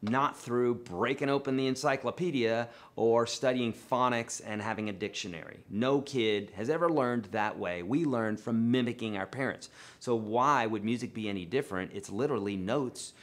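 Chatty male guitar teacher. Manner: chatty, rambling, animated with sudden high outbursts. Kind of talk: live online guitar lesson. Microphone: livestream microphone.

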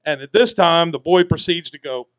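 Folksy boat captain. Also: male voice, on the high side, moderate pace, no echo. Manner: folksy, animated, acts out characters. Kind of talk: storytelling to an audience. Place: VFW hall event.

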